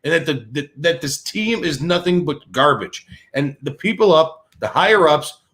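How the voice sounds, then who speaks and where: A man's voice: a little high, animated, normal speed, fairly bright tone. A man hosting a sports talk show, ranting with profanity and many restarts. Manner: fired-up, profane, repetitive restarts. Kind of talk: heated sports radio rant.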